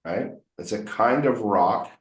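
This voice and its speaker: A man's voice: fairly low pitch, slow. A man coaching English one on one, patiently explaining words and drilling pronunciation by repeating them. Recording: roomy echo.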